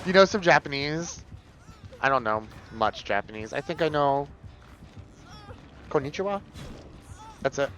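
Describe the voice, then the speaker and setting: A man streaming live, chatting casually and campily with his viewers while he plays, his pitch jumping up for excited bursts. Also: measured pace, pauses often, slight background noise. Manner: chatty and campy, reading chat aloud, swinging pitch. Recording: dull lo-fi stream audio.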